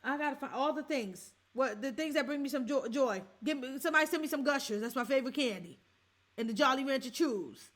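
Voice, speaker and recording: Heartfelt woman host, halting speech. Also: high-pitched, fairly bright tone. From the Bronx, New York. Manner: heartfelt, halting, talks straight to listeners. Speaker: podcast host. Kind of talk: emotional reaction chat.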